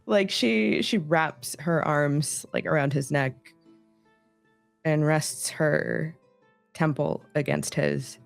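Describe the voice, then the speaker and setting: A woman playing a tabletop game, describing her character's actions and speaking softly in character. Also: low voice, takes it slowly, vocal fry, soft background music. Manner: soft, tender speech that drops near a whisper. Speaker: player voicing Winnie. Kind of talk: in-character tabletop role-play.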